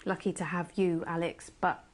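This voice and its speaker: An actress playing an obsessive late-night TV presenter who talks in a hesitant, pleading way. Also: female voice, lowish voice, flat delivery, moderate pace, lightly acted. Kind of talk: scripted comedy drama.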